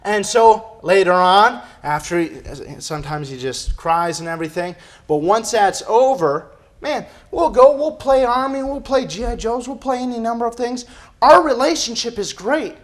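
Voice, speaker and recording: A man's voice: very high-pitched, lively intonation, normal speed. A man preaching a sermon as pastor, emphatic and firing off rhetorical questions. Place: church.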